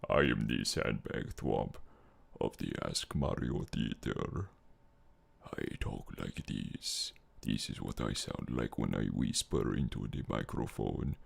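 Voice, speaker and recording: A giant, earnest sandbag thwomp murmurs in whispered role-play at a slow, heavy pace. The voice sits extremely low, gravelly and husky. Faint music plays behind it. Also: male voice, exaggerated voice. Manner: slow, plodding speech.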